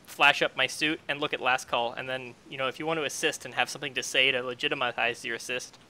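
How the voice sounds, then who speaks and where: A man playing a tabletop role-playing game, describing his character's actions in halting speech full of fillers and restarts. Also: mid-range voice, steady tone, pushed and bright, slight background noise. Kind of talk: casual in-character play.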